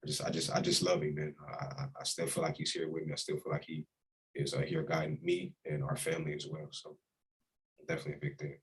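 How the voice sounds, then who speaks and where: A man's voice: very deep voice, completely flat delivery, fast, low-quality recording. A young man, a college quarterback, talking with emotion and reflection as a guest in a casual interview. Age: young adult. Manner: heartfelt, reflective, speaks with emotion.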